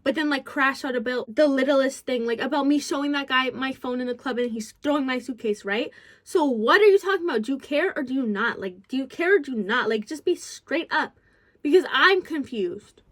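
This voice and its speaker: A young vlogger tells her followers a story in a rambling, animated vent, brisk and packed with "like." She swings between low mutters and loud, exasperated outbursts, recorded on a phone held close.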